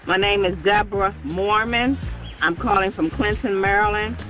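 A woman calls in to a radio show and names her church in a measured, matter-of-fact way. Music plays clearly underneath. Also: mid-range voice. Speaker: caller. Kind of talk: phone call shout-out.

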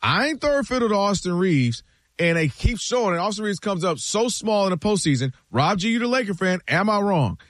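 A man co-hosting a sports talk radio show, talking in animated, slangy banter and laughing as he makes his case. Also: sits high, fairly quick, no room sound, studio quality. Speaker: radio co-host.

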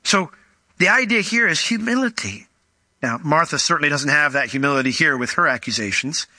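Bright-voiced man preaching a sermon. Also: on the high side, expressive, fairly quick, no room sound. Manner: expository, explains word meanings and rhetorical questions; acts out voices of Jesus and Martha in quotes.

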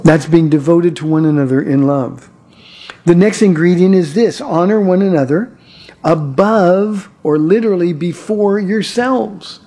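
A man with a high-pitched, warm voice preaches a sermon as pastor at a measured pace. He's earnest, often repeats words as he goes, and tells anecdotes from his own life.

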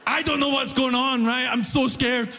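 High-voiced man doing stand-up. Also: moderate pace. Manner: animated storytelling, shouted punchlines. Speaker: stand-up comedian. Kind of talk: stand-up comedy set. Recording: reverberant live room, faint ambience.

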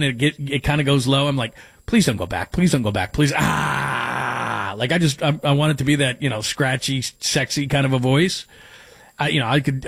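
A man's voice: vocal fry, slightly rough, no echo. Chatty male sports radio host, dry sound. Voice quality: light, higher voice. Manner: rambling, jokey, reads listener texts. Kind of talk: casual sports talk.

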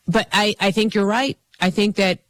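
High-voiced, animated sports talk host. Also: male voice, moderate pace. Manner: animated, joking, rambling with fillers.

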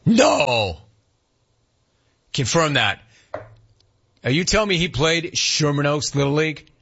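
A man in his forties hosts a sports talk show, telling loose stories and reading the live chat aloud. His pitch swings widely, full of lively ups and downs. The sound is a little dull and lo-fi, as from a modest stream setup. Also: takes it slowly, slightly rough. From Southern California. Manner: animated, rambling storyteller who mimics his dad.

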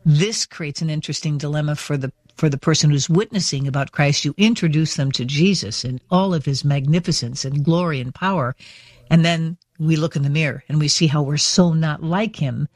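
Male radio interviewer, husky, higher-pitched, dry close mic, eager and long-winded. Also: a little fast, no room sound. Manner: enthusiastic, wordy, sincere. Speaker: radio host. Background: faint music near the end.

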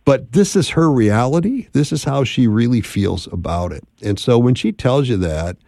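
A man's voice: mid-range voice, animated, moderate pace, creaky, dark tone, no echo, studio quality. A man hosting a call-in radio advice show, talking in an encouraging, conversational way.

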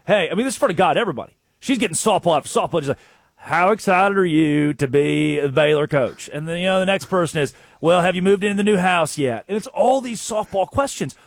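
A man co-hosting a sports talk show, telling stories in an excitable way and acting out quotes. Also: high voice, quick pace, no room sound. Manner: storytelling, acts out quotes, excitable.

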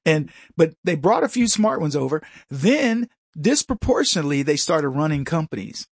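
A man's voice: on the high side, big pitch swings, moderate pace, husky, no room sound, clean studio sound. A man hosting a talk radio show in an opinionated monologue, mocking and sarcastic, laughing at his own jokes.

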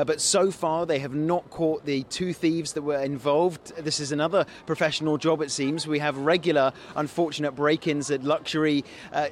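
A man explaining a crime story as a reporter, speaking briskly with "uh" pauses. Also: on the high side, slight background noise. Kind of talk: news explanation.

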